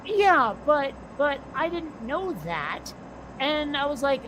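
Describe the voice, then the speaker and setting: An American woman co-hosting a casual chat, blunt and quick to swear. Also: high-pitched, sing-song. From United States. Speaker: podcast co-host. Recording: noisy background.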